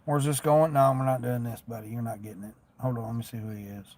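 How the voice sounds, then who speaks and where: Livestreaming from his delivery route, this man chats in a loose, folksy ramble and declines orders aloud. His voice sits at medium pitch, a little mellow and steady, and he talks fast.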